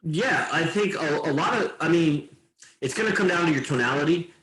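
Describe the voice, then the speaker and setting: A man's voice: fairly high pitch, expressive, moderate pace, a bit bright. A man hosting a podcast, talking loosely and meandering, swearing now and then. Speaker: podcast host. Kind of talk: casual rambling chat. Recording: roomy echo.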